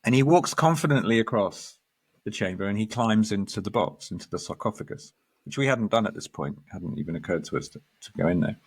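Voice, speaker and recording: A man, a guest astrologer, telling a story in lively conversation, acting out quoted lines and restarting his sentences. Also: on the low side, fairly quick, breathy edge. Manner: animated storyteller, quotes others, restarts often.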